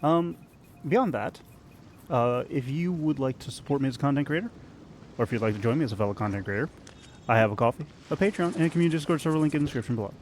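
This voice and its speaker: A man's voice: medium pitch, lively intonation, quick pace, slight background noise. A man streaming a video game, talking casually in a rambling, self-deprecating way. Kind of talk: casual gameplay commentary.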